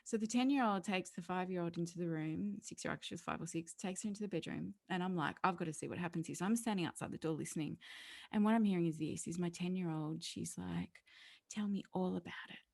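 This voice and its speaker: A woman's voice: fairly low pitch, fast talker, gravelly, darkish tone. A woman, a parenting educator talking earnestly as an interview guest and telling stories. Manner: earnest, storytelling, laughs often; acts out quoted voices. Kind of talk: conversational interview.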